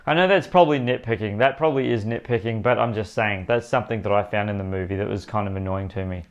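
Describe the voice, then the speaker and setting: A man's voice: on the low side, fast, lo-fi sound. Rambling, emphatic male movie reviewer. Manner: rambling and emphatic, repeating words and addressing viewers as "guys". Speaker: movie reviewer and channel host. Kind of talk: casual spoken movie review.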